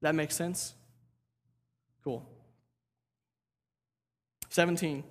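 A man's voice: on the high side, brisk, in a large hall. A man preaching a sermon as pastor, talking casually, repeating words and asking "right?".

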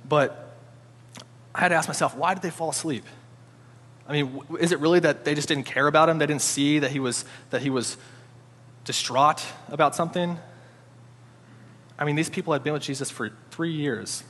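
A man giving a conversational sermon, informal and animated, often restarting his sentences. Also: on the high side, normal speed, long pauses. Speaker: preacher. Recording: long hall reverb.

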